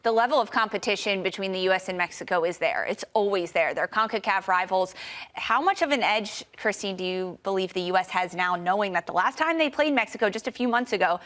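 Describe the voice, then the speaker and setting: A woman's voice: medium pitch, fairly quick, fairly bright tone. A woman hosting a sports talk show, reading news items and passing questions to her panelists. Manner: reads news segments, then throws to panelists. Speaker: host.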